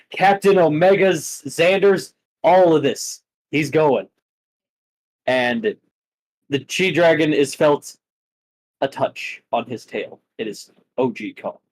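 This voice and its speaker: A man narrating a superhero tabletop game as game master, telling the battle in an animated, storytelling way. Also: a little high, no room sound, rough recording.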